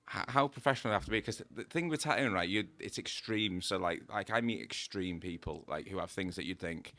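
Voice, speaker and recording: Bright-voiced man telling stories. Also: sits low, fairly quick, dry recording. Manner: lively storyteller, acts out dialogue, laughs often. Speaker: guest, tattoo artist. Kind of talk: casual anecdote-telling.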